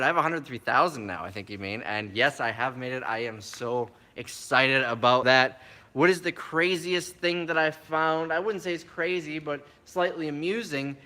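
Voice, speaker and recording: With a fairly high voice, a man takes viewer questions on a live stream, reading each one out before giving a casual, easygoing answer.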